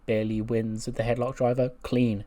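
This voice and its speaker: A man's voice: mid-range voice, little pitch movement, normal speed, mellow. A man narrates his simulated wrestling show in a casual let's-play style. He is loose and chatty, dropping the odd swear word as he recaps matches. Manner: loose, chatty, mildly profane. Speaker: game channel host.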